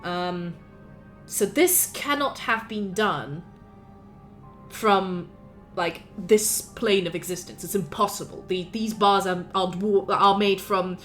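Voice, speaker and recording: A woman's voice: mid-range voice, slow, a bit bright, faint music behind. A woman voicing a bossy, flustered male defence lawyer who swears when upset, in a tabletop game. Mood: musing.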